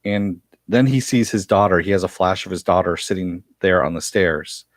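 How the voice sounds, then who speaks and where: Male reviewer, lower register, dry close sound, casual rambling recap. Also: moderate pace, no room sound. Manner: chatty, loose retelling with frequent uh fillers and mild profanity. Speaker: TV series reviewer.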